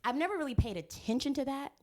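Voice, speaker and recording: A woman's voice: sits high, expressive, fast talker. A woman guest in casual podcast chat, laughing often and hesitating with fillers. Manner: laughing, emotional, lots of fillers.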